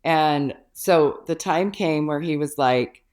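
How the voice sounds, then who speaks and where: A young woman, a podcast guest, chatting casually over a remote call and telling her story with animated, acted-out quotes. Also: deep voice, slow. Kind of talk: casual chat.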